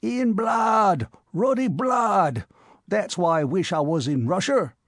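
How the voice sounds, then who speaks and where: A man's voice: high voice, lively intonation, takes it slowly, no echo, clean studio sound, voice pushed up, full character voice. A man voicing a shriveled, grumbling old male cabman in a storybook reading. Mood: gloomy. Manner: gloomy, grumbling.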